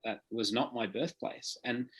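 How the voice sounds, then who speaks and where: A man from England, the host of an interview podcast, speaks in a mid-range voice. He is halting and moved, often searching for words, while soft music plays faintly behind him. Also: mid-range voice, husky.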